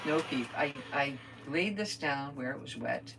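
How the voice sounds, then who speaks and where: A woman's voice: a bass voice, expressive, unhurried, background noise. An older woman chatting casually while she crafts on a livestream, rambling about family news and greeting viewers by name. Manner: chatty, rambling, reads viewer comments aloud.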